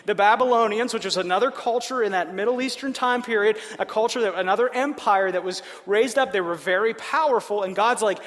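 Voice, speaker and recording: A man's voice: sits high, fairly quick, few pauses, a bit bright, in a large hall. A man preaching a sermon in a conversational way, often checking in with listeners by asking "right?". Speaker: pastor.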